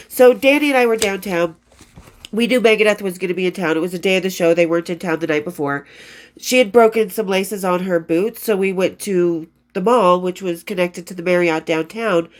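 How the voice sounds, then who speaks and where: A woman in her fifties reading from her old diary and telling rock stories in a rambling, profane way, often losing her place and starting over. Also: medium pitch. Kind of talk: casual storytelling, reading diary entries.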